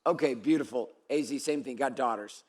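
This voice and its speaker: Male moderator, rapid and animated, keeps it light. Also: medium pitch. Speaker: panel moderator.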